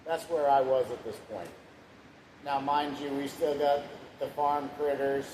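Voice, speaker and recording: A man's voice: medium pitch, steady tone, a little slow. A man in his thirties, casually telling his life story in a rambling, plainspoken way, now and then swearing. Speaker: husband sharing his testimony. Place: room at home. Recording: echoey room with background hiss.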